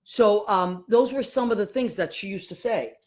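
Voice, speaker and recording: A woman tells a family story on her podcast. She talks casually and with animation, and acts out the voices of the people in it. Her voice sits at a middle pitch. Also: normal speed, darkish tone. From Boston, USA. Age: 50s. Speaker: podcast host.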